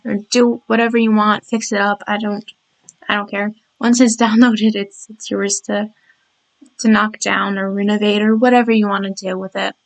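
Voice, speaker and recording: A tired woman with a slightly croaky, scratchy voice, chatting casually over a video of her game build and rambling with lots of restarts. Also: medium pitch. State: tired and yawning.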